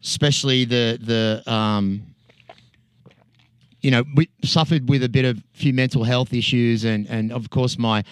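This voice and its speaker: A man's voice: medium pitch, steady tone, a little slow, clean tone, no echo. Candid male podcast host, dry studio. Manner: candid, self-deprecating, frequent "yeah". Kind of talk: casual interview chat.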